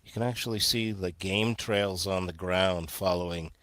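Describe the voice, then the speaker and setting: Man, very low voice, measured explaining, dry close sound. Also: fairly even intonation, a bit bright, no echo. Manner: explanatory, measured, with fillers and restarts. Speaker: guest, earth energy researcher. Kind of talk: casual interview talk.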